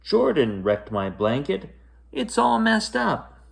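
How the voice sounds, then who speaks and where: A man's voice: sits high, huge pitch swings, takes it slowly, vocal fry, voice pushed up, exaggerated voice. A man voicing an upset six-year-old girl who shrieks and wails in a read-aloud storybook. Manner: shrieking, crying out. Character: upset little girl, six, screaming and wailing.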